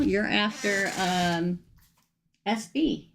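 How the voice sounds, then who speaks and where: A woman's voice: medium pitch, animated, extremely slow, a bit bright, a little hiss or hum. A middle-aged woman hosting a live-streamed tarot reading, chatty and emphatic, often checking in with her viewers. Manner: chatty and emphatic, frequent "okay?" asides.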